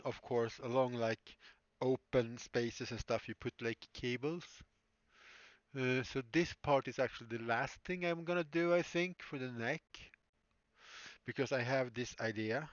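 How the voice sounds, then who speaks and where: A man's voice: medium pitch, dry recording, dull audio. Rambling man chatting on a live stream. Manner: rambling, answers chat, laughs often. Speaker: livestreaming prop maker. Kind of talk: casual live-stream chat. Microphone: streaming mic.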